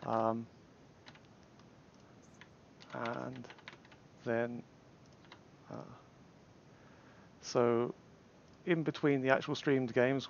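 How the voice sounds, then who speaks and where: Man, English accent, casual game commentary, gravelly, faint hum. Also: mid-range voice, lo-fi sound. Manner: hesitant, many fillers and restarts. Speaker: tournament caster.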